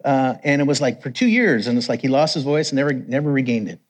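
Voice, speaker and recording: A middle-aged man preaching, telling personal testimony stories with lively quoted voices. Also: fast. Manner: animated storyteller, raises pitch for quoted voices. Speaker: missionary preacher. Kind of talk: sermon testimony storytelling.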